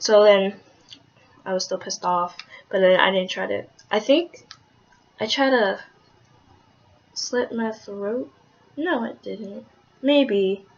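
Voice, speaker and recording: A young woman talking candidly in a personal vlog, rambling with lots of "like"s and swearing, soft-spoken with hesitant restarts. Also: medium pitch, vocal fry. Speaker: vlogger. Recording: dull lo-fi audio.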